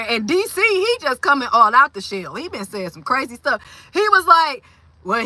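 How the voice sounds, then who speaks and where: A woman in her forties chats on her livestream in a loose, slangy way, full of fillers, and reads out viewer comments as she goes. Her voice sits high and sounds bright and sharp. The recording is close and dry. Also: dry recording. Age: 40s. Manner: chatty, reads and answers viewer comments aloud. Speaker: livestream host. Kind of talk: casual livestream chat.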